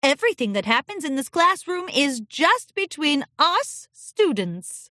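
A woman voicing a gentle, regal female pony princess who teaches a class, in an encouraging, teacherly manner. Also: high-pitched, sing-song, measured pace, dry recording, studio quality, pitched above the performer's own voice, heavily acted. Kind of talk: storybook reading.

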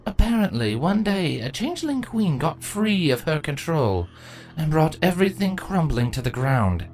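In a fan fiction reading, a woman gives voice to a proud, sardonic changeling queen who talks in a deadpan, matter-of-fact way. Her voice is low and pushed upward, delivered at a moderate pace.

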